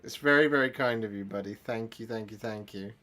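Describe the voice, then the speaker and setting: A man's voice: on the low side, a little fast, bright, forceful tone, faint music behind. A middle-aged man hosting a live stream. He thanks viewers while painting miniatures, gets emotional, laughs often and says thank you again and again. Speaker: channel host.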